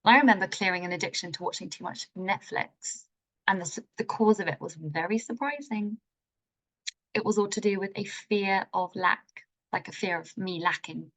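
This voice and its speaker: A woman's voice: mid-range voice, normal speed, a bit bright. A woman leading a live online healing masterclass, enthusiastic and informal, with playful turns of phrase. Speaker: healing workshop teacher.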